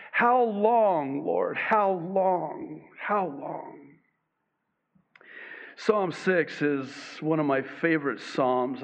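A man preaching a sermon, slow and emphatic, with dramatic pauses on key phrases. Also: medium pitch. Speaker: pastor. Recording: dull lo-fi recording.

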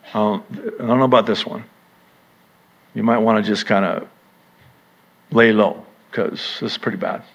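A man voicing the enemy, a sly male tempter spirit who talks in a hesitant, coaxing, hushed way. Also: on the low side, steady tone, moderate pace, pauses often, lo-fi sound.

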